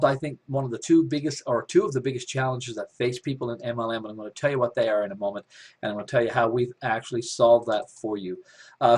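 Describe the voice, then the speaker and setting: An enthusiastic man hosts an online business webinar, speaking at a middle pitch. He repeats himself for emphasis and scatters fillers and restarts through his upbeat pitch. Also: darkish tone, husky. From Canada. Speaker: company developer presenting a webinar.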